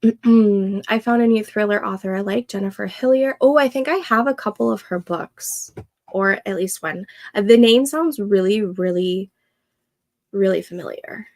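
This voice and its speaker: A young woman hosting a casual co-working livestream, thinking aloud and reading chat comments in a soft, soothing voice. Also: mid-range voice, moderate pace, no room sound. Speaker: livestream host.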